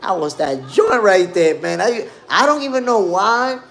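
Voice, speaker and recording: This boxing podcast host, a man in his fifties, runs a live stream with a loose, slangy, animated delivery and a measured pace. His voice sits a bit high for a man and has vocal fry, and he reminisces eagerly while answering the chat.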